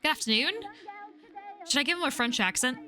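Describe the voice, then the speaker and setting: A woman's voice: high-pitched, lively intonation, fairly quick, pushed and bright, soft background music. A woman streaming a video game, chatting and joking with frequent swearing. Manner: chatty, joking, curse-laden. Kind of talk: casual let's-play commentary.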